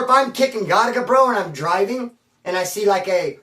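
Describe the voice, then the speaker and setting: A man telling a story in a rambling, slangy, animated way, recorded in a room at his home. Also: high-pitched, brisk. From Bakersfield area. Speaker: storyteller on his own channel. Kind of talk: casual storytelling. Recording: roomy, mic at a distance.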